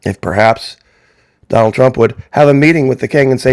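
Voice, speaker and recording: A man's voice: medium pitch, a little fast, gravelly, a little mellow, dry recording, studio quality. A man giving a political opinion monologue as a commentator, talking emphatically and asking the audience rhetorical questions.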